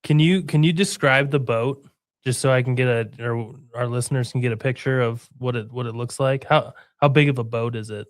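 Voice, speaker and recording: A man's voice: medium pitch, a little fast. A man hosting a podcast in a casual, laid-back way, asking questions and reacting with short exclamations. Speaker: podcast host. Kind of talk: casual interview.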